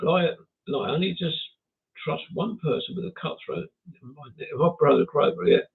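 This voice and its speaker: A man's voice: on the high side, moderate pace, creaky. An older man hosting a casual livestream chat, reading out viewer comments with chuckles and self-mocking asides. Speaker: livestream host. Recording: tinny phone-like sound.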